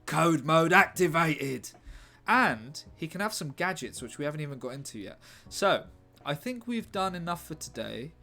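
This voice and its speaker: A man's voice: a little high, big pitch swings, moderate pace, few pauses, pushed and bright. A man casually chatting on a live stream as he writes a script, rambling and joking while reading out chat. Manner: rambling, jokey, reads chat aloud. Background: faint background music.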